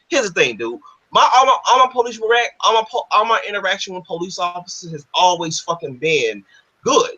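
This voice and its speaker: A man's voice: sits high, very animated, fairly quick, pushed and bright, husky. A man hosting a casual discussion, ranting in a heated, profane, emphatic way. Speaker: podcast host. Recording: dull lo-fi audio.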